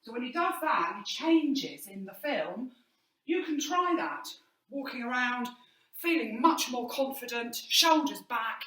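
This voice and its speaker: Woman drama teacher, encouraging, bright tone, demonstrates as she goes, distant mic. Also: sits high, very animated, measured pace, roomy sound. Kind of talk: online movement lesson. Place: indoor room.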